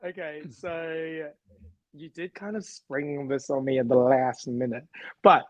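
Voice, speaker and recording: A man's voice: fairly high pitch, a little slow, no room sound, highs cut off. An Australian man in his thirties co-hosting a podcast, chatting casually, laughing often and ranting with energy. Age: 30s. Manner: giggly, animated ranting. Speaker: podcast co-host. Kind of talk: casual chat.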